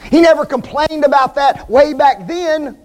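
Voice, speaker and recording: High-voiced preacher man, emphatic. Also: measured pace, darkish tone. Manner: emphatic, rhetorical questions to the congregation. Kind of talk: sermon.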